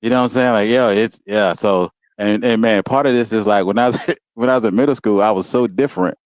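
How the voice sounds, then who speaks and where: A man telling stories about his school days in a relaxed, casual way, often laughing and saying "you know what I'm saying". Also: fairly low pitch, brisk, no echo. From Walterboro, South Carolina. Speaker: guest. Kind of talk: casual storytelling. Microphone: video call.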